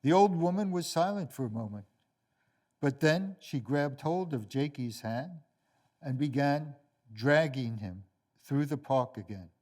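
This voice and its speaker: Older male lecturer, deliberate and wry, very slow delivery at an average pitch. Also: animated, darkish tone. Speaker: lecturer, author. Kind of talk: read lecture and storytelling.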